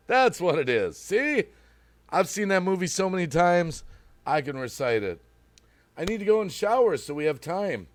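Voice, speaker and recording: A man hosting a casual livestream, greeting viewers by name, reading chat aloud and rambling as he thinks out loud. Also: high-pitched, sing-song, moderate pace, dry recording. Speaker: livestream host.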